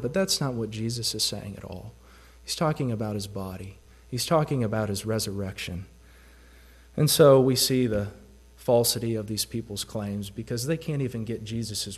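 A man's voice: medium pitch, moderate pace. A man preaching a sermon with a Southern American accent, using rhetorical questions and emphatic repetition. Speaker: pastor.

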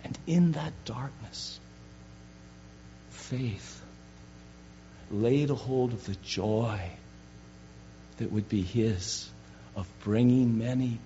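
A man preaching a sermon fervently, swinging from loud declarations to hushed words, on a dull recording with hum. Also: medium pitch, extremely slow, long pauses.

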